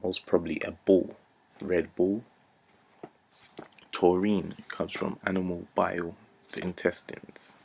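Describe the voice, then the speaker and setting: A man's voice: low-pitched, flat delivery, slow pace, gravelly, pauses often, darkish tone, slight background noise. A man, ranting earnestly to camera, repeating himself and dropping to a near-whisper at times. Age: 20s. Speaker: vlogger. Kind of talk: unscripted rant to camera.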